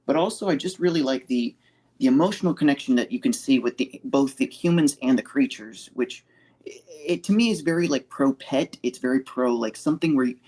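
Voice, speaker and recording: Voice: mid-range voice, brisk, darkish tone, husky. A guest in a casual movie review chat, agreeable and a little hesitant, with fillers. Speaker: co-host guest.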